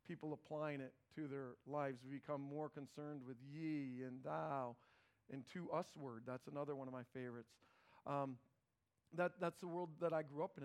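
Speaking in a mid-range voice, a middle-aged male pastor gives a lively, conversational sermon. He frequently repeats words at the start of his phrases.

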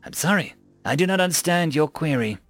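A man's voice: fairly high pitch, lively intonation, a little fast, dry recording. A man doing a smug, polite food-dispenser machine. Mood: prim. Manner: prim, customer-service politeness, sly. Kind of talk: story narration.

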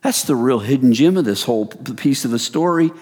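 Lively preacher in an echoing hall. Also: male voice, mid-range voice, brisk, husky. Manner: animated, swings from hushed to loud excited bursts; casual, addresses the crowd as "you guys". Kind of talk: sermon.

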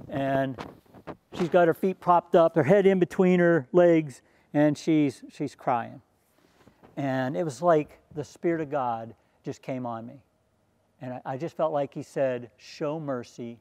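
A man's voice: a little high, a little mellow, no room sound. A man telling a personal story in an earnest, conversational way, slipping into sermon-like appeals. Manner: earnest, conversational, turns preachy at the end. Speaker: speaker sharing a testimony.

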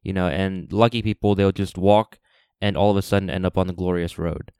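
Low, smooth-voiced man musing on a solo podcast. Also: fairly even intonation, mellow, dry recording, studio quality. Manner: halting, with many restarts and fillers; reflective and earnest. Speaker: podcast host. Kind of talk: unscripted solo podcast monologue.

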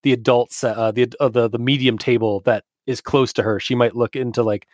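A man's voice: medium pitch, fairly even intonation, fairly quick, a little mellow, no echo, clean studio sound. A man playing a tabletop horror game, talking casually and stumbling over his words. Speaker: player.

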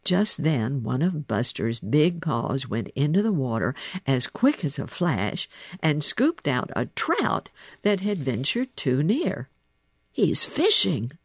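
A man reads a storybook aloud at an unhurried pace. His voice carries a gravelly edge and rises and falls with lively expression. The sound is dry and close, with no room around it. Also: mid-range voice, no room sound. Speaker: narrator. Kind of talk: storybook reading.

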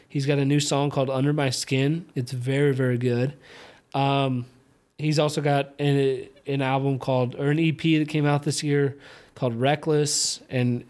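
Watching fights, this young podcast host rambles solo, full of fillers and restarts, now and then sliding into a slight Southern twang on country music. His mid-range voice is fairly flat in pitch, moderately paced and darkish in tone.

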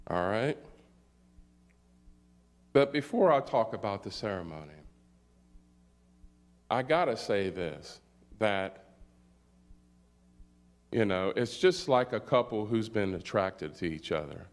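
Slow-preaching middle-aged Midwestern pastor. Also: male voice, lowish voice, lively intonation. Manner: slow, emphatic preaching with frequent "all right?" checks. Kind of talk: sermon.

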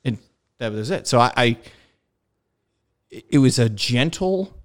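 A man's voice: medium pitch, lively intonation, takes it slowly. A man hosting a casual podcast chat, telling a story about learning to land on a carrier, acting out quoted dialogue and laughing often. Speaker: podcast host, former carrier pilot.

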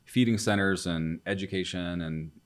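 A man talking as a podcast guest, telling stories in a relaxed, chatty way and acting out what others said. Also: deep voice, normal speed. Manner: animated storyteller, acts out quoted dialogue. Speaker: guest, business owner and ministry leader. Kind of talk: casual podcast storytelling.

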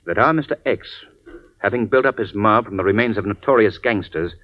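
An actor playing a suave, composed gentleman detective, measured in manner, in 1940s radio acting on a dull old recording. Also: on the low side, natural voice.

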